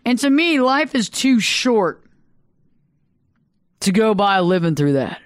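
A man's voice: sits high, sing-song, slow, long pauses, clear, resonant tone, no room sound, studio quality. Emphatic man hosting a live advice show. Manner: emphatic, preachy, repeats phrases for effect. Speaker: radio talk show host. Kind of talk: live radio advice talk.

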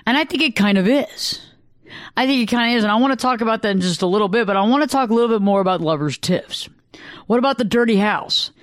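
A woman, a couples therapist, talking casually and acting out quoted arguments in sudden high bursts. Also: animated, fast talker, dry recording, studio quality. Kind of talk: casual solo monologue.

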